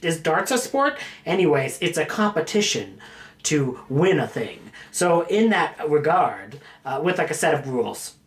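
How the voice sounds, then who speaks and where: A man's voice: fairly high pitch, big pitch swings, unhurried. A man hosting a casual vlog about his film collection, rambling and joking at his own expense. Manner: rambling, jokey, self-mocking. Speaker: video host showing his film collection.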